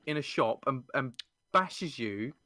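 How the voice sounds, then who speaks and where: A man's voice: mid-range voice, expressive, slow pace, pushed and bright. An English man co-hosting a casual podcast, answering with dry, wry banter. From England. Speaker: podcast co-host.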